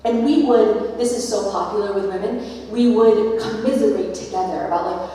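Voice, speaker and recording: A middle-aged woman gives an animated keynote talk, slipping into the voices of the people she quotes. Her voice is set at a middle pitch for a woman. It carries through a large, reverberant hall and reaches the mic from a distance. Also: normal speed, a little hiss or hum. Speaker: keynote speaker. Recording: echoey hall, far from mic.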